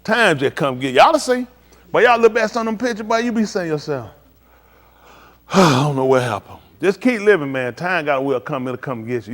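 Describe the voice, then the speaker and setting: Animated joking older man. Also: fairly high pitch. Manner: animated, joking, mimics others' voices. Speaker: live stream host. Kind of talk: casual storytelling chat.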